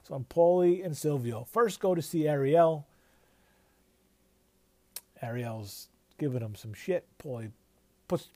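A man's voice: a little high, animated, measured pace, long pauses, warm tone, no room sound. A man hosting a podcast in a loose, casual commentary style. He swears freely and often restarts his sentences. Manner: loose and profane, with many restarts. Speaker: podcast host.

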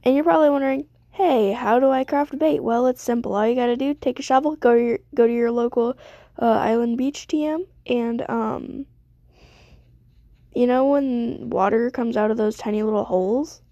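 A woman's voice: a little high, normal speed, warm tone, no echo, clean studio sound. A young woman streamer giving rambling, self-deprecating casual commentary while she plays a game.

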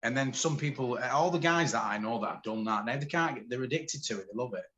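A man in his forties from the UK, a podcast guest telling his story in candid, animated casual conversation. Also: mid-range voice, quick pace, dull audio, slight background noise. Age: 40s.

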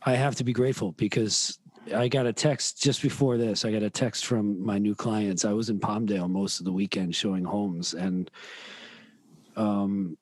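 A man's voice: fairly low pitch, steady tone, normal speed, dry recording. A man talking in a casual podcast chat, rambling with many restarts as he describes his week. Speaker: podcast guest.

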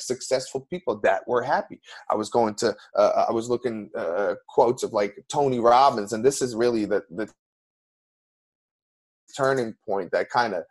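Earnest man telling his story. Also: medium pitch. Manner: earnest, emotional, many restarts. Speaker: interview guest. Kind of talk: personal story in an interview.

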